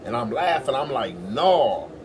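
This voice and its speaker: A man's voice: medium pitch, moderate pace, a little hiss or hum. A man hosting his own commentary show, talking back to a podcast clip in a defensive, insistent way and acting out what others said. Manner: defensive, insistent, acts out quotes. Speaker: host.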